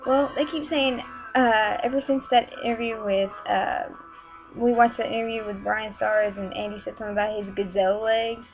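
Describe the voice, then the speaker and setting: A teenage girl with a Southern accent, rambling casually to a webcam with lots of fillers and quick irritated asides. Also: on the high side, fairly even intonation. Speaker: vlogger. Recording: muffled webcam audio with music behind.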